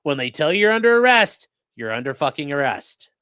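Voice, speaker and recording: A man's voice: a little high, very animated, brisk, heavy background noise. A man, an attorney hosting a live stream, commenting on court footage in a profane, joking way and slipping into voices.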